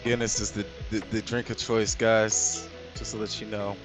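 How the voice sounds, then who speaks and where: A man's voice: fairly low pitch, level tone, normal speed, over music. A young man hosting a casual trading livestream, joking loosely and swearing as he talks. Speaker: livestream host and trader.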